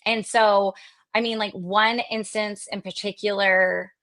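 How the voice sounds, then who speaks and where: Lively, talkative woman from Texas. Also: mid-range voice, measured pace, no room sound. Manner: animated, lively retelling with quoted dialogue and frequent fillers; extroverted and talkative. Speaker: podcast guest. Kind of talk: casual storytelling interview.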